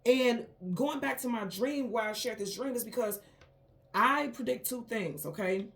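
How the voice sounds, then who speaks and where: Animated woman telling a story emphatically. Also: a little high, unhurried. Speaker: tarot reader, channel host. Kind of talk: casual spoken monologue.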